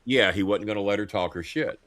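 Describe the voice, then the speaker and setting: A man hosting a talk show, telling profane political stories in a lively, animated way. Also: fairly low pitch, a little fast, very noisy. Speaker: show host. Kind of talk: casual political chat. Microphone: earpiece headset.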